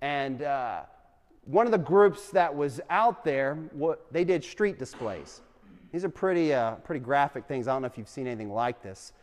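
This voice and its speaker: A young adult man teaching a class, an animated storyteller who keeps asking the room questions. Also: medium pitch, moderate pace. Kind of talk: lively classroom talk with questions to students. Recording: long reverb in a hall.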